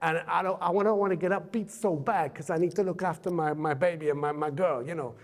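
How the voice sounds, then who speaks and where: A tough young boxer, earnest and pleading, his voice pitched well up and coming out louder and more urgent than the talk around him, as a man puts him on. The words come in a rough street style. It rings out in a hall with a long, echoing reverb. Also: fairly even intonation, a little fast, close to an everyday voice.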